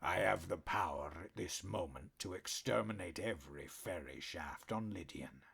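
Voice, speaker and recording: A man voicing a huge, menacing male black cat warlord in an audiobook, speaking slowly in a deep, quiet near-whisper that drops to a growl. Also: gravelly, breathy edge, full character voice. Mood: quietly menacing. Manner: slow, soft-spoken threats, growling.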